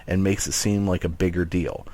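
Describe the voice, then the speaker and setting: A man's voice: low voice, normal speed. A man co-hosting a wrestling podcast, talking casually and rambling with lots of restarts. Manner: rambling, animated, many restarts. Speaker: podcast co-host. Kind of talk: casual chat.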